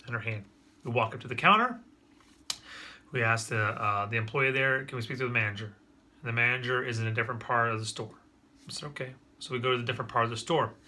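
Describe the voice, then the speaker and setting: A man's voice: mid-range voice, fast talker, pauses often, sharp tone. A man talking to the camera in a casual vlog about his parenting. He tells the story earnestly and with energy, and often restarts his sentences. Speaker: father vlogging about parenting.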